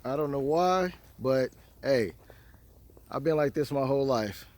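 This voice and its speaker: Slow-talking man outdoors. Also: medium pitch, animated, a little mellow. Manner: chatty, self-mocking, addresses viewers. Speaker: fishing vlogger. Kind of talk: casual outdoor vlog talk. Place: riverbank outdoors in a snow storm.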